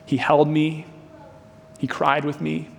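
A man's voice: fairly high pitch, monotone, takes it slowly, gravelly, slight background noise. A young man preaching a sermon in a church, telling a personal story in an earnest, conversational way. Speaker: pastor. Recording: long reverb of a hall.

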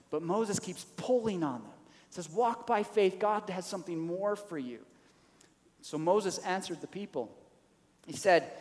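A man preaching a sermon in an animated way, acting out the quoted lines with a rising voice. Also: high-pitched, unhurried, big-room sound. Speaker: pastor.

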